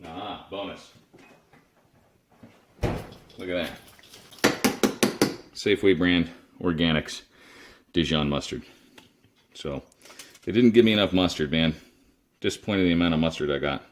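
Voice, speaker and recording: Low-voiced guy chatting while cooking. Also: a little slow, pauses often, slight background noise. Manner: rambling, chatty, self-deprecating. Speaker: cooking video host. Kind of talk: casual cooking demo. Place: home kitchen.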